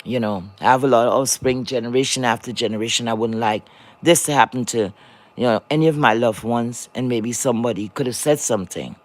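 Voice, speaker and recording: A woman's voice: rumbling low, brisk. Blunt, scolding woman on a livestream. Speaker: chat moderator. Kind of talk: livestream rant.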